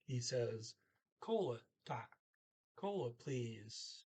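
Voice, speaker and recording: A man with a husky, slightly breathy voice gives a self-recorded language lesson. He talks slowly and haltingly, sounding out foreign words with care. Each word is followed by a plain translation, with pauses while he thinks aloud. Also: medium pitch, lively intonation, darkish tone. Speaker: language tutor.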